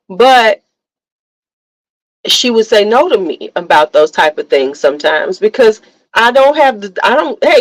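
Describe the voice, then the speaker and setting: Speaking at a medium pitch, a middle-aged host delivers a casual motivational talk with emphatic, candid storytelling, driving her points home through repetition. The audio is rough and dry.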